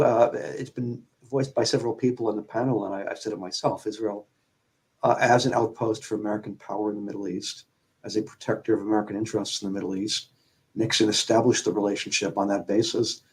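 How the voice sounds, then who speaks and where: A man, an author and panel guest on a radio talk show, explaining in a measured, academic way with frequent ums and you-knows. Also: fairly low pitch, steady tone, a little mellow, poor audio. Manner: measured, academic, hesitant with fillers.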